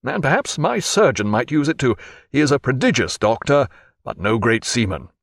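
A man voicing a composed, wry naval captain with crisp, dryly facetious speech, in an audiobook. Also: mid-range voice, big pitch swings, normal speed, no room sound, clean studio sound. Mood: courteous.

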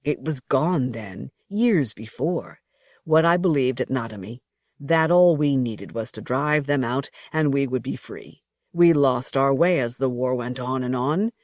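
A reader voicing an old, defeated male rebel leader who speaks slowly and orates in grief. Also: mid-range voice, a little mellow, no echo, clean studio sound, close to an everyday voice. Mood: quiet. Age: older. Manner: slow, grieving, orating. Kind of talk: audiobook character reading.

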